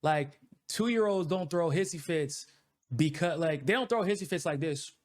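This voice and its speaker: A man's voice: fairly high pitch, moderate pace. A man in his thirties co-hosting a casual commentary chat, ranting with profanity and frequent laughter. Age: 30s. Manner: profane, laughing, animated rants. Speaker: co-host.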